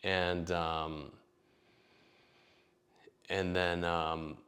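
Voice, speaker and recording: A man's voice: deep voice, level tone, very slow, fairly bright tone. A man telling a long personal story in a casual, rambling way, full of fillers and swearing. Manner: rambling, profane, filler-heavy.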